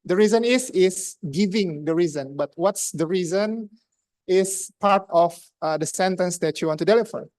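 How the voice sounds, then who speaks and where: A woman's voice: lowish voice, normal speed, a little mellow, no room sound. A woman with an Indonesian accent giving a grammarian report at a speaking club meeting, chatty and full of questions to the room. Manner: chatty, asks the room questions, many fillers. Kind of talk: interactive club speech.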